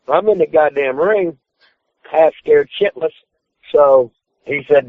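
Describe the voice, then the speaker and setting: A man's voice: fairly high pitch, unhurried, no echo. A retired wrestler telling his stories on a podcast, swearing constantly and acting out what was said. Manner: swears constantly, acts out his own quotes loudly. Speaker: retired pro wrestler guest. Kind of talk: profane storytelling on a phone-in podcast. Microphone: phone call. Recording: tinny dry phone line.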